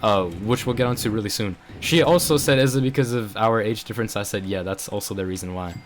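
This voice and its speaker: A young man with a lowish voice talks fast in a casual vlog, with slight background noise. He vents his frustration while telling a rambling story, stuffed with fillers and frequent "bro" and "like."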